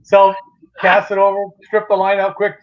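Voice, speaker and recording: A man with a fairly high voice tells a story in a lively, casual way, often stumbling and restarting his sentences. The sound is muffled and lo-fi, like live-stream audio. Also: normal speed. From Canada. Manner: animated anecdote teller, many restarts. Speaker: guest, magazine publisher.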